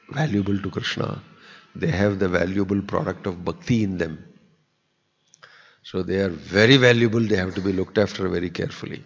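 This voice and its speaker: A low-voiced man preaches in a temple hall, earnest and conversational. His voice rings with a long hall reverb. The recording sounds dull and lo-fi. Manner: earnest, conversational, acts out quoted people. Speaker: spiritual teacher giving a discourse. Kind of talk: sermon.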